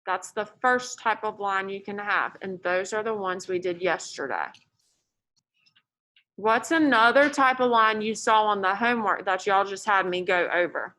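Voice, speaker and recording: A woman teaching a math class in a classroom, lively and joking as she tells stories to her students. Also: medium pitch, normal speed.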